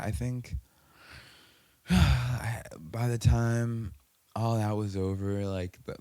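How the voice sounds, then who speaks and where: A man's voice: fairly low pitch, warm tone, smooth, no room sound. A man hosting a podcast, telling a personal story in a rambling way, full of fillers and self-corrections. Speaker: podcast host.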